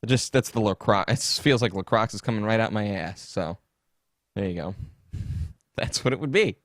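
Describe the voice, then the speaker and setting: Low-voiced man hosting a rambling podcast. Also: normal speed, no echo, studio quality. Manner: jokey, rambling, mocking. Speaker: podcast host. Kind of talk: casual rambling podcast chat. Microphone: desktop streaming setup.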